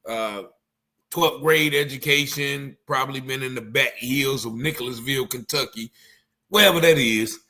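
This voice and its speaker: A man giving casual commentary, animated and rambling, often acting out what people said. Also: fairly high pitch. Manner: animated, rambling, acts out quotes.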